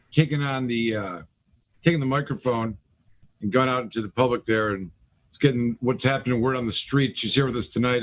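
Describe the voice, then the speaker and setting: Middle-aged male host, loose and rambling, casual live-show patter, mid-pitched voice. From Michigan. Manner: loose, rambling introductions with many fillers. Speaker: host, attorney.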